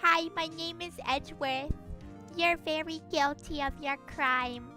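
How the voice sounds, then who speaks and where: A woman voicing a stiff young male prosecutor in a squeaky, slow put-on voice for a video game. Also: steady tone, bright, forceful tone, faint music behind, exaggerated voice. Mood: haughty. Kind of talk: playful game voice acting.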